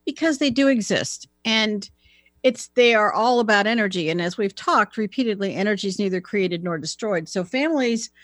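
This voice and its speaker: A woman's voice: medium pitch, animated, moderate pace, fairly bright tone, no room sound, clean studio sound. A woman co-hosting a talk show who explains things in an earnest, conversational way. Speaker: co-host. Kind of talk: casual discussion.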